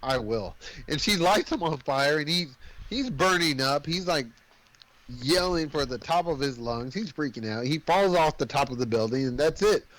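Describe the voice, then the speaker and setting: A man co-hosting a podcast, casually recapping a film plot in an animated, swearing storytelling manner. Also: on the high side, moderate pace, poor audio. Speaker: podcast co-host. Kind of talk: casual movie recap chat.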